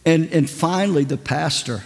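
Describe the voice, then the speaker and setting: A male preacher telling anecdotes in a sermon, animated and chatty, acting out the people he quotes. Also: a little high, normal speed, gravelly, big-room sound. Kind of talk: sermon storytelling.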